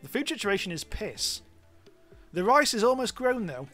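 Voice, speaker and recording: A man's voice: sits high, big pitch swings, normal speed, sharp tone, soft background music. A British man giving rambling, casual commentary on a live game stream, swearing freely.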